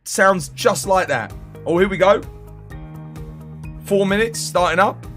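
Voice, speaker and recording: A man's voice: high voice, fairly bright tone, faint music behind. Worn-out man streaming late. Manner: weary and drawn-out, joking, thanking viewers by name. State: tired, voice going after eighteen hours. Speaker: live streamer. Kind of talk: casual live-stream chat with viewers.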